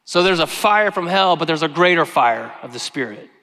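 A man's voice: a little high, animated. Preaching man in a reverberant hall. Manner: earnest preaching, slowing and softening on quoted scripture. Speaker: pastor. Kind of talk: sermon.

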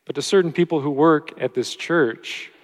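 A man's voice: fairly high pitch, moderate pace. Preaching man with hall reverb. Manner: steady expository preaching with occasional self-corrections. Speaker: pastor. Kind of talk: sermon.

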